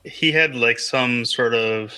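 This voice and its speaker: Bright, hesitant man chatting on a podcast. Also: mid-range voice, unhurried, clean tone, no room sound. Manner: rambling, hesitant with many fillers and restarts. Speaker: podcast co-host. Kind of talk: casual chat.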